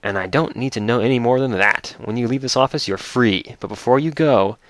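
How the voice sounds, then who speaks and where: A man's voice: mid-range voice, brisk, no echo, close to an everyday voice. A man reading aloud the lines of a formal imperial captain who greets a freed prisoner in a video game.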